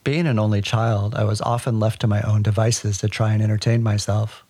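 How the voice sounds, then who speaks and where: A man narrating a personal childhood story for a podcast in a wry, deadpan way. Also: fairly low pitch, a little fast, husky.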